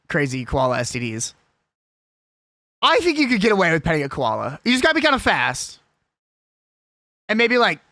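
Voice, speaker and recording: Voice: mid-range voice, fairly bright tone, no echo, clean studio sound. A live streamer chatting casually with their audience, ranting and swearing in a jokey, argumentative way. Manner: rambling, jokey.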